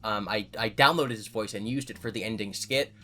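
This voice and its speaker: A man's voice: on the low side, brisk, bright, forceful tone, soft background music. A man hosting his own channel, answering viewer questions in casual chat and thinking aloud with frequent restarts.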